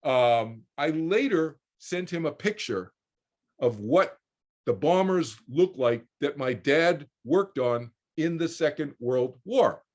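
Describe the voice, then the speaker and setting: A man's voice: a little high, slow. Rambling older man telling a story. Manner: rambling, repeats words and restarts, animated quoting. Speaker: guest speaker. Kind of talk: casual storytelling on a video call.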